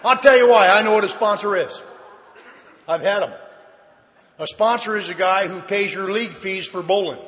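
A middle-aged man sharing his story with a live audience at a recovery meeting, a folksy comic storyteller with dry deadpan asides. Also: high voice, moderate pace, long pauses. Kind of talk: humorous personal testimony to an audience. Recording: reverberant hall, faint background noise.

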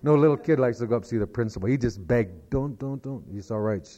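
A man's voice: mid-range voice, lively intonation, quick pace, mellow, lo-fi sound. A man telling a long joke in a folksy, rambling way, full of "he said" asides. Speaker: storyteller.

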